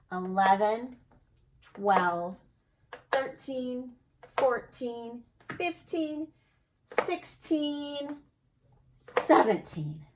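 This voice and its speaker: A woman's voice: medium pitch, noisy background. A woman teacher giving an early-grade math lesson, counting aloud and asking the children encouraging questions. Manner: slow, encouraging, sing-song counting with questions to kids.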